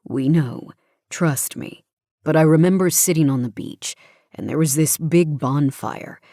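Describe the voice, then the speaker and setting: A soft-spoken young lover in an audiobook, hushed and close, often dropping to a whisper. The voice sits very low and deep for its reader, and the recording is dry and close-miked, with no room around it, as a woman reads him. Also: measured pace, no echo. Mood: warm. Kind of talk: audiobook character voice.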